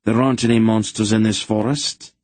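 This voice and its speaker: A man's voice: fairly low pitch, steady tone, fairly quick, darkish tone, no echo, pitched above the performer's own voice, close to an everyday voice. A man voicing an earnest young nobleman who speaks with urgent strain. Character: young male Arendish nobleman, earnest, gallant.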